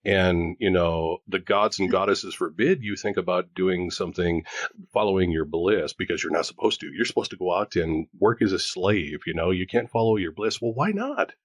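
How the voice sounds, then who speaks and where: Deep-voiced guy in his 40s, rambly and jokey, dry close sound. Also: moderate pace, no room sound. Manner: chatty, rambling, self-joking. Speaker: host. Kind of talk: casual chat.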